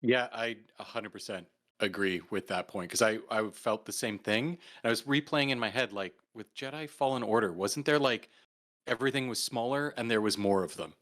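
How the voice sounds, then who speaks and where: A man's voice: on the low side, normal speed, a bit bright. A man co-hosting a podcast in an easygoing way, often laughing. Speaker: podcast co-host. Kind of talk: casual podcast chat.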